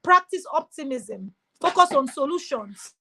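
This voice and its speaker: A woman's voice: high voice, animated, unhurried, pushed and bright. A woman giving a motivational webinar talk, emphatic and exhorting, often repeating her key phrases. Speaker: motivational speaker.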